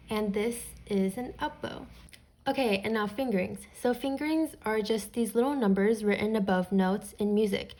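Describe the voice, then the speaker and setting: A woman's voice: medium pitch, dark tone. A woman patiently explaining beginner music theory step by step, as a teacher.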